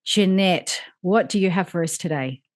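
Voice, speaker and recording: A woman hosting a podcast, introducing a guest in a measured, deliberate way. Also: fairly low pitch. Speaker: podcast host. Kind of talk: introducing a guest on a talk show.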